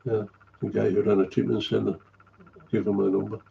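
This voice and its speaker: A man's voice: on the low side, little pitch movement, fairly quick, creaky, mellow, lo-fi sound, a little hiss or hum. A middle-aged man, telling a candid story as a recovery sponsor, blunt and swearing freely, often trailing off and repeating himself.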